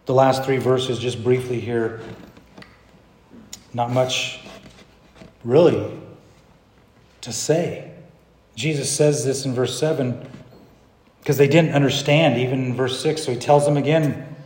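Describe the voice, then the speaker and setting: A man pastor preaching a sermon, swinging from hushed, low passages to loud, emphatic declarations. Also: fairly even intonation, slow, long pauses, reverberant, big-room sound.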